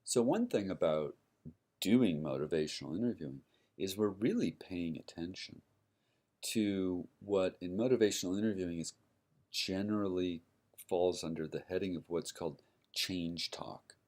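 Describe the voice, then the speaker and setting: A man's voice: low-pitched, normal speed, darkish tone. A man giving a university lecture, explaining step by step and checking in with his listeners by asking "right?" as he goes. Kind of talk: recorded classroom lecture.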